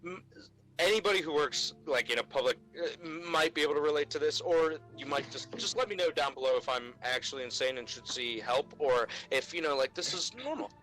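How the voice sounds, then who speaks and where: A man's voice: fairly high pitch, a little fast, fairly bright tone, faint music behind, low-quality recording. A young man on a podcast, ranting in casual chat about customers at work. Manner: exasperated ranting, mock voices for customers. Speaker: podcast co-host. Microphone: remote call mic.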